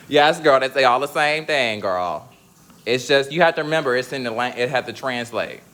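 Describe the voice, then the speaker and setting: Sassy animated young man chatting. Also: normal speed. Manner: sassy, animated, slangy, laughs a lot, high squeals. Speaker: vlogger. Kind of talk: casual chat to viewers.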